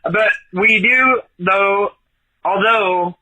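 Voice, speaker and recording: A man's voice: high-pitched, very slow, pushed and bright, low-quality recording. A man from Oregon leaving a rambling, joking voicemail for a podcast. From Oregon, US West Coast. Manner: rambling, joking, laughs at himself. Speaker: voicemail caller. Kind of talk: casual phone voicemail.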